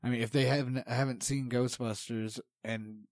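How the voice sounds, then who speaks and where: A man's voice: mid-range voice, fairly even intonation, moderate pace, no room sound, clean studio sound. Profane, ranting podcast man. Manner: heated, profane, rambling rants. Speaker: podcast co-host. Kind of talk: casual podcast chat.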